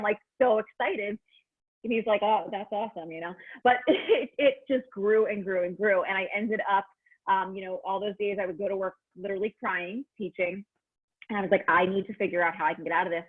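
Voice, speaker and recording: A woman in her thirties, a business coach, telling her story in a chatty, excitable way with lots of fillers. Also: medium pitch, breathy edge. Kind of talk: casual personal testimonial. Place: at home. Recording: tinny phone-like line.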